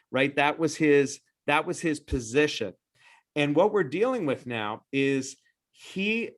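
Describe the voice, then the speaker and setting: Persuasive, animated man pitching. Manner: talks in quick bursts with frequent restarts. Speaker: dental practice-growth consultant. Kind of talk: webinar presentation.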